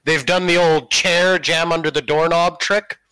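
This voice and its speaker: A man's voice: fairly high pitch, steady tone, a little slow, pushed and bright, smooth, dry recording, low-quality recording. A man narrating as game master of a tabletop game, describing scenes with lots of "kind of" fillers.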